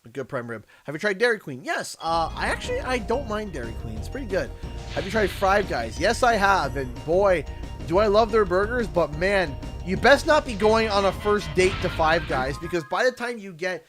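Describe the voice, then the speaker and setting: A young man, hosting a gaming livestream and chatting with viewers in a jokey, animated way. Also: high voice, moderate pace. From Canada. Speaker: livestream host. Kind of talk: casual gaming livestream chat. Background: game music.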